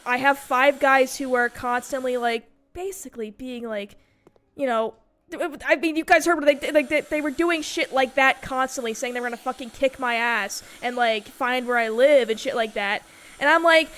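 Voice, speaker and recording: High-pitched, animated young woman streamer. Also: normal speed. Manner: animated, profane, heavy use of "like". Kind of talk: casual storytime while gaming.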